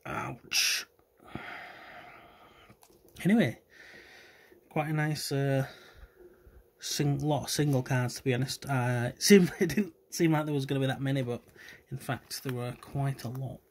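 A man giving subdued, self-deprecating commentary while opening trading cards, with low-key delivery and trailing hesitations. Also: normal speed, a little mellow, slightly rough. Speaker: card collector vlogger. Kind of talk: casual card-opening commentary.

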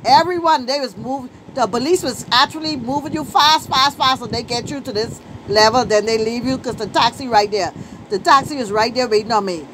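Animated Bahamian woman telling a story. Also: on the high side, normal speed, a little hiss or hum, low-quality recording. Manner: animated, repeats phrases for emphasis. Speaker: vlogger and poet. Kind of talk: casual storytelling to camera.

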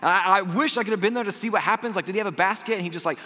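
Male pastor, lively storytelling sermon, tense bright tone, long hall echo. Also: high voice, rapid-fire, few pauses. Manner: animated storytelling with frequent "like" fillers. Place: church sanctuary.

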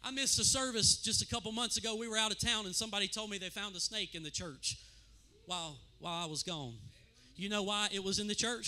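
A man preaching a sermon as pastor in a church, with impassioned, repetitive phrasing that swings between loud declarations and hushed appeals. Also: high voice, a little fast. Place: church sanctuary.

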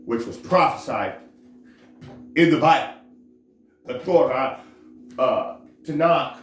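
Man, religious teacher, slow halting delivery, echoey room recording. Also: medium pitch, lively intonation, soft background music. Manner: halting, searches for words, restarts often. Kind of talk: informal scripture teaching. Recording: roomy echo, faint background noise.

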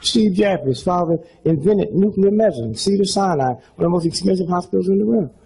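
A man's voice: sits high, lively intonation, fairly quick, gravelly, warm tone, breathy edge, low-quality recording. A man in his seventies doing stand-up storytelling for a live audience, folksy and rambling, with frequent asides like "huh?". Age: 70s. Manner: folksy, rambling storytelling with asides like "huh?" and "you know what I'm saying?". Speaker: comedian.

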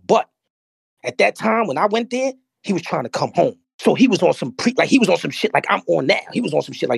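A man with a New York accent telling a story on a podcast as a guest, animated and streetwise, often repeating himself. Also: fairly high pitch, gravelly, slightly rough, dry recording, studio quality. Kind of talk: casual storytelling.

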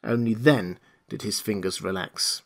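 Expressive male audiobook narrator. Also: on the low side, a little slow, gravelly. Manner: dramatic, expressive storytelling. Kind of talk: scripted narration.

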